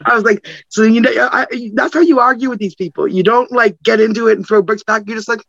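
Lively woman, high bright voice. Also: fast, gravelly, hardly any pauses, dry recording. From Canada. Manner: lively, acts out quoted voices, laughs often. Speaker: guest publicist. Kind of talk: animated conversational interview. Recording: slightly muffled, dry sound.

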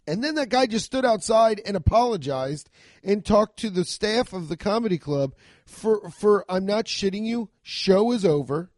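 A man, a stand-up comic, casually telling a profane story about a rough show, acting out both sides of the exchanges. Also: high-pitched, moderate pace, no echo, clean studio sound. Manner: profane, animated retelling with quoted exchanges. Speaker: stand-up comedian.

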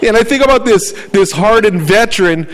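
A man's voice: high voice, lively intonation, fairly quick, long reverb tail. An older man preaching a sermon, reading scripture and then telling stories in an earnest, anecdotal way. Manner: earnest storytelling with personal anecdotes, laughs while telling.

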